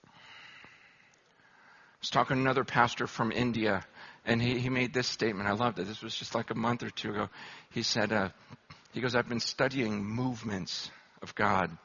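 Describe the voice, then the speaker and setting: A pastor preaching a sermon, moving between hushed, low storytelling and loud, impassioned exhortation. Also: male voice, flat delivery, a little fast, vocal fry, long pauses, husky. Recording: dull lo-fi recording.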